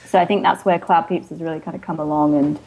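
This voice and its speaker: A woman's voice: low-pitched, fairly even intonation, quick pace, vocal fry, a little mellow, slightly rough, poor audio. A woman with a mixed English and Australian accent, chatting as an interview guest and startup co-founder, talking in a self-deprecating way with frequent "um"s. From England, raised in Australia. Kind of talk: conversational interview.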